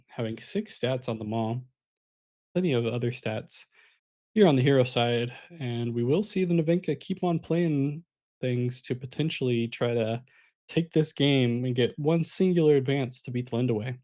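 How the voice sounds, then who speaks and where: A man's voice: mid-range voice, mellow. Casual, chatty male card-game caster. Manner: casual, chatty, addresses the live chat. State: sleepy, yawning. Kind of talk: live esports card game commentary.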